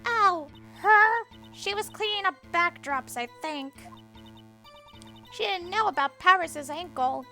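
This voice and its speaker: Brief: nosy old busybody witness, high and bright, swings up and down, indignant voiced by a woman. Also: expressive, takes it slowly, soft background music, exaggerated voice. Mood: chirpy. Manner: scolding, bossy, indignant.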